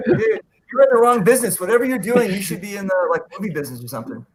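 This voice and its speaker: A man's voice: sits high, sing-song, racing, a crowd in the background. A male host running a casual, joking chat with enthusiastic praise. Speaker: podcast host. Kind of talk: casual video-call chat.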